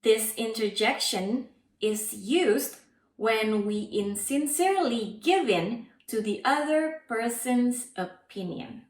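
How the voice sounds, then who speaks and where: A woman giving a scripted language lesson, repeating words slowly and carefully one at a time. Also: fairly high pitch, lively intonation. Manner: slow, careful word-by-word repetition. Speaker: language teacher. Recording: echoey room, distant from mic.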